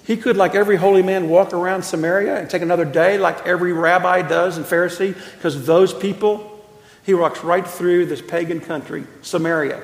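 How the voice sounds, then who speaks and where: A pastor in his fifties preaching a sermon, telling stories emphatically with slow, drawn-out pauses. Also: high voice, steady tone. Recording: echoey church hall.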